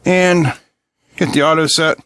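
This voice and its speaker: Soldering and testing a board at his home workbench, this middle-aged electronics channel host keeps up a casual, joking chat with viewers. His fairly high, bright voice is unhurried and fairly even in intonation, recorded cleanly with no echo.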